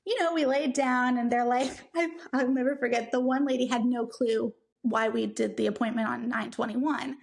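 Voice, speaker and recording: A young woman co-hosting a podcast, telling a personal story in a casual, animated way and acting out what people said. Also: on the high side, normal speed, creaky, few pauses. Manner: animated, acts out quoted people, many "like" fillers. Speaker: podcast co-host.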